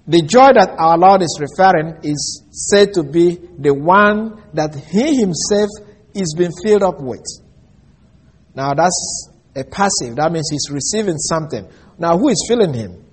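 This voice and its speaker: A man preaching a sermon in a measured teaching manner, slowing down to stress key phrases. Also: fairly high pitch, lively intonation, slightly rough.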